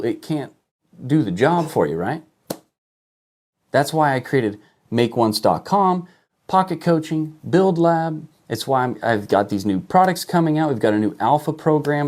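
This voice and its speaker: A man's voice: fairly high pitch, a little mellow. A man teaching online marketing on a livestream, talking emphatically, asking rhetorical questions and checking in with "okay?" as he points at his screen. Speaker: online business coach. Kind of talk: live-streamed marketing lesson.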